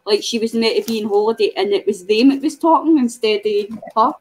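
A woman's voice: on the high side, a little fast, breathy edge, poor audio. A Scottish woman hosting a crafting video, chatting casually and telling stories with a giggle. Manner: giggly, tells stories with mimicked voices. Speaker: crafting channel host. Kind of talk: casual chat while crafting.

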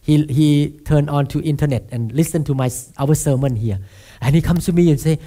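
A man's voice: fairly high pitch, normal speed, dark tone. A man from Thailand with a Thai accent, preaching a sermon as pastor and regularly asking the congregation to answer back. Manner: asks the congregation for responses, self-deprecating humor.

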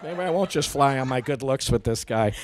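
A middle-aged man casually telling an animated anecdote in an interview, acting out voices, laughing and swearing often. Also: mid-range voice, brisk. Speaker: actor telling stories.

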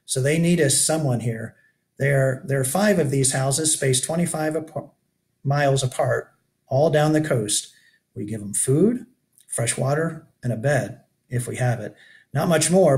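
A man's voice: medium pitch, normal speed, a little mellow, lightly acted. A man reading aloud and voicing a weary, rugged older male keeper of a shipwreck shelter who talks in a folksy, lamenting way. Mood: somber. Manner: folksy backwoods grammar, lamenting.

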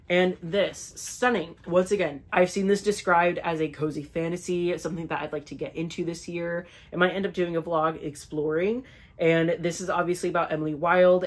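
Guy doing a book haul vlog, gushy and chatty, says like a lot, dramatic little jokes. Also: sits high. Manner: gushing, chatty, lots of "like" and "stunning"; playfully dramatic asides. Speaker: book vlogger. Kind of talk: casual book haul chat.

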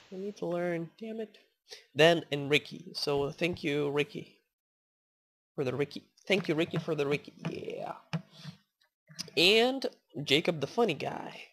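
A woman with a low, unhurried voice chats her way through a game, thanking viewers by name and cooing at the creatures she sets free. Her pitch swings widely, from murmured asides up to sudden delighted or frustrated shouts. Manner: excitable, swears, coaxes in-game animals aloud. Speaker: gaming channel host. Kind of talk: casual game commentary.

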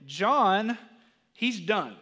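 A man preaching a sermon in a conversational way, often asking "right?" and "okay?", and going quiet when he quotes scripture. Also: high voice, expressive, extremely slow. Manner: drops to a hushed tone for quoted scripture. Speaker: pastor. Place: church sanctuary. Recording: long reverb of a church sanctuary.

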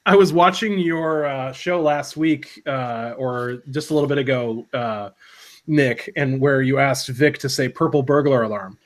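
A man's voice: mid-range voice, measured pace. A man from Minnesota co-hosting a casual live stream, chatty and rambling with many restarts. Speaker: live stream co-host, vape reviewer.

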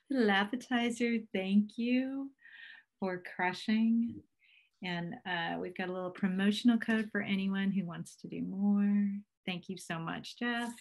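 Slow-speaking woman in her fifties. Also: mid-range voice. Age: 50s. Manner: calm, encouraging, counts breaths slowly. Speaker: workshop presenter. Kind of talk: guided talk and breathing exercise.

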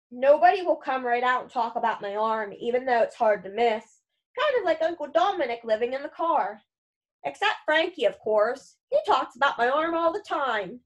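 A woman reading a first-person storybook aloud in a wry, dry manner. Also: high-pitched. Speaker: audiobook narrator.

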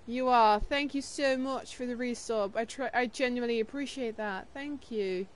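A young woman streaming a game, chatting casually with viewers, tired and yawning, with excited bursts of greeting. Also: a little high, normal speed. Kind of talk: casual live-stream chat.

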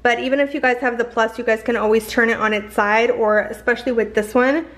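A woman's voice: on the high side, fairly even intonation, fast, fairly bright tone. A young woman from Canada talking through a clothing haul in a gushing, chatty way with lots of fillers. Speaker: fashion haul vlogger. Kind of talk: casual haul vlog chat.

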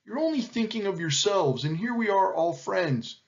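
A man voicing a wise male hornbill who leads the others, speaking in a measured, commanding way. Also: high voice, lively intonation, creaky, voice pushed up. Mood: earnest. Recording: dull lo-fi recording.

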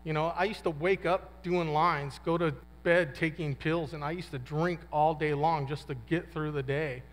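Man in his 50s, high voice, slangy testimony talk with acted-out quotes, long hall echo. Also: fairly even intonation, moderate pace. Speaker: guest speaker at a men's conference. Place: conference hall. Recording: long reverb of a large hall.

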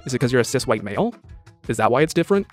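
A man co-hosting a reaction stream, talking in a sarcastic, mocking, halting way. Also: medium pitch, sing-song, soft background music. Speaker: co-host reacting to a video. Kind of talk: casual commentary chat.

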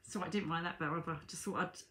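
A woman's voice: fairly low pitch, fairly even intonation, rapid-fire, bright, forceful tone. A woman, a psychic medium, reading aloud from her own book and breaking off for chatty asides to viewers she calls darlings. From Britain. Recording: echoey room.

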